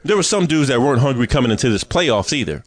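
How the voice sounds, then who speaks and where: A man's voice: mid-range voice, lively intonation, quick pace, no room sound. A man in his thirties co-hosting a casual food review chat, teasing his partner in laid-back banter. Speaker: podcast co-host.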